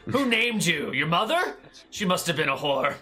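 A man voicing a rude, gruff male dwarf laborer in a tabletop game, with a bright voice. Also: a little high, big pitch swings, normal speed, faint music behind. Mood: mocking. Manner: blunt, mocking.

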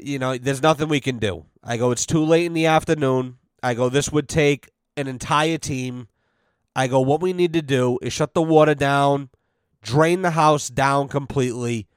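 On his own podcast, a man tells a rambling work story laced with profanity, fillers and quoted back-and-forth dialogue, casually recounted. His mid-range voice has a clean tone, and the recording is dry with clean studio sound.

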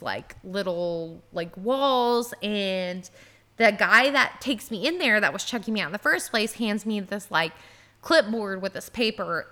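A woman in her thirties tells a story as a podcast co-host, talking loosely and swearing freely, with "like" scattered through every sentence. Her voice sounds bright and forward. Her pitch sits in the middle for a woman. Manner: animated, swears freely, heavy use of "like". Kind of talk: casual storytelling chat.

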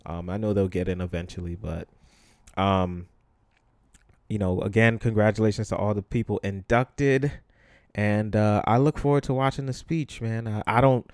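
A man's voice: lowish voice, steady tone, moderate pace, a little mellow, clean tone, no echo, clean studio sound. A man from the Bronx, New York, hosting a solo podcast in a conversational, blunt way, full of ums and you-knows. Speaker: podcast host. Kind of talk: casual solo podcast commentary.

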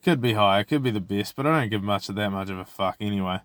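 Low-voiced guy ranting. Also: fast, fairly bright tone, no room sound, studio quality. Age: 20s. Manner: profane, rambling, exasperated venting. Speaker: podcast host. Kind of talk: casual solo podcast rant.

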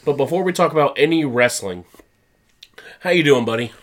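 His voice mid-range with lively intonation, a man with a head cold co-hosts a laid-back podcast. He rambles through a recap of the week, mocking it as he goes and quickly paraphrasing wrestlers with scorn.

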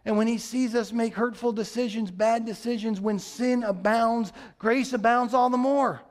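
Guy preaching a sermon, pretty high voice, chatty and repeats stuff for emphasis. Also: steady tone, moderate pace. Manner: conversational, repetitive emphatic preaching. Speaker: pastor.

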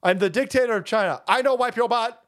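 A man's voice: extremely high pitch, fast, over music, voice pushed up. A man putting on a stern older male foreign leader who answers in clipped, indignant lines.

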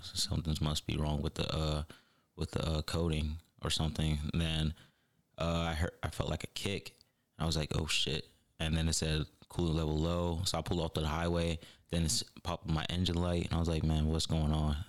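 Very deep-voiced, laid-back, slangy man. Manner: laid-back storyteller, slangy, laughs often. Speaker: podcast guest. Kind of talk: casual podcast chat.

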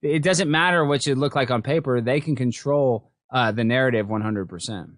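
A man hosting a casual political podcast, talking in an animated, excitable way. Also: mid-range voice, moderate pace, dry recording, clean studio sound. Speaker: podcast host.

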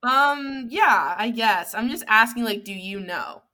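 A woman playing a tabletop game, her voice bright and a little high. She laughs easily and puts earnest questions to the game master. Her talk stays loose and casual. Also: expressive, measured pace. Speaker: player.

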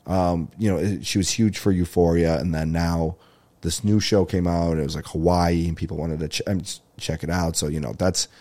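A man with a low, mellow voice talks on his comedy podcast in loose, unscripted chat. He is excitable and swears freely as he rambles from one story to the next. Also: fairly quick. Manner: enthusiastic, profane, rambling storyteller. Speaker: stand-up comedian and podcast host. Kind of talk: casual solo podcast chat.

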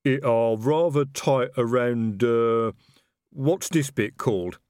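A man voicing a slow, dim-witted male troll bodyguard who rumbles his words and speaks in earnest, broken grammar. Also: a little mellow, clear, resonant tone, dry recording, studio quality, lightly acted. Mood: plodding. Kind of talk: audiobook character voice.

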